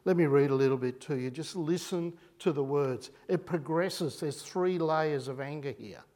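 Here an Australian preacher keeps things conversational and energetic, asking question after rhetorical question. He talks at a normal speed in a slightly high voice.

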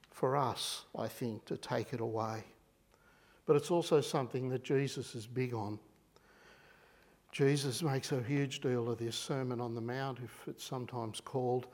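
An Australian man preaching a sermon in a conversational, animated way, full of rhetorical questions. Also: mid-range voice, a little slow.

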